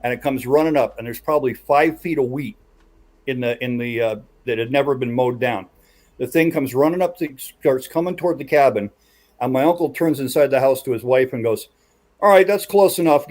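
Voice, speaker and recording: A man's voice: medium pitch, darkish tone. A man hosting a casual podcast chat who builds suspense as he tells a story. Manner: builds suspense while recounting a tale.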